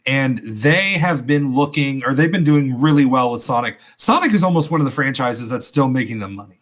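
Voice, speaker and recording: A man co-hosting a podcast, reasoning aloud in a measured way. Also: medium pitch, expressive, fairly bright tone. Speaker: podcast co-host. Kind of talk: casual podcast chat.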